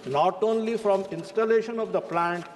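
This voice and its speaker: A man's voice: high-pitched, moderate pace. A man with an Indian English accent giving a formal parliamentary speech, often addressing the chair as sir. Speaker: member of parliament. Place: parliament chamber. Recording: faint hall reverb, light noise.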